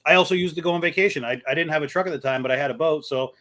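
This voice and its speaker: A man telling lively stories in a casual chat and acting out the people in them. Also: fairly high pitch, very fast. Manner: animated storyteller, acts out quoted voices. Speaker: co-host.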